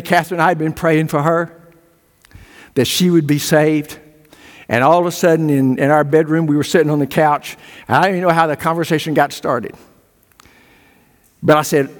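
An older male pastor preaching a sermon, swinging from loud emphatic peaks to hushed low storytelling. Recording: long hall reverb.

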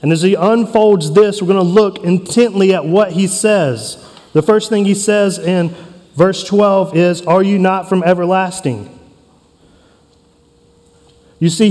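High-voiced preacher in a reverberant hall. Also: male voice, a little mellow. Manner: earnest, emphatic preaching with dramatic pauses. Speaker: pastor. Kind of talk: sermon.

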